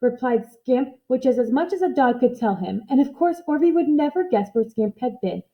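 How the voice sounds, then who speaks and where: A woman reading a children's book aloud in a lively, expressive storytelling manner. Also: high-pitched, moderate pace, dull audio.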